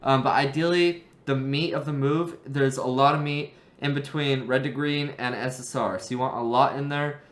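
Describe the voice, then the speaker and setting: Young male vlogger, casual and filler-heavy, mid-pitch, voice going hoarse, echoey room. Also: fairly even intonation, moderate pace, few pauses. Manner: loose, filler-heavy explaining. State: losing his voice. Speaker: stock trading YouTuber. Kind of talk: casual vlog recap.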